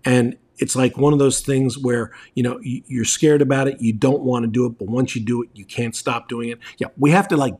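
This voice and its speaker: A man's voice: mid-range voice, steady tone, fairly quick, hardly any pauses, a little mellow, husky. A middle-aged man telling casual, rambling travel stories as host, with lots of fillers and restarts.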